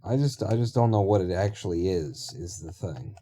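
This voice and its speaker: A man's voice: low-pitched, moderate pace, dark tone, a little hiss or hum. A man streaming a building game, rambling and thinking aloud in casual talk with offhand swearing.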